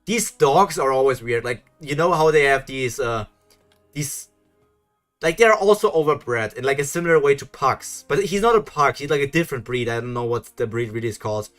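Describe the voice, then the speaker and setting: A young man streaming a live webcomic read-along, reacting excitedly with laughs and rambling, stumbling asides. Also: mid-range voice, moderate pace, faint music behind.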